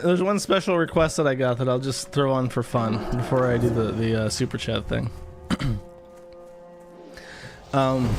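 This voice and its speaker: An American man streaming live, reading viewer donations aloud with wry, offhand remarks. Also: mid-range voice. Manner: wry, offhand, chuckling asides. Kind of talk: casual live-stream chat.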